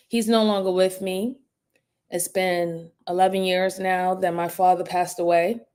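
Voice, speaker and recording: A middle-aged woman hosting a casual livestream, giving heartfelt shout-outs to her viewers and turning emotional at times. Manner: warm shout-outs, rising to high excited greetings. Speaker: livestream host.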